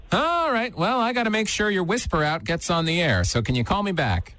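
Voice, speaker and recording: Rock radio dude teasing a caller, lively up and down voice, a bit high. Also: male voice, brisk, dry recording. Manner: playful, teasing. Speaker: radio host. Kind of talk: radio call-in banter.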